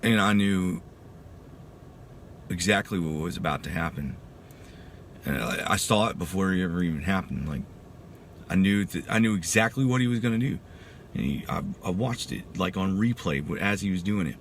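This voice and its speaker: A man's voice: deep voice, animated, normal speed, long pauses, slight background noise. A man in his thirties, a military veteran, telling his story in a casual, emphatic way and saying "dude" often. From Texas. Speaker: veteran giving a testimony. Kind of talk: personal storytelling.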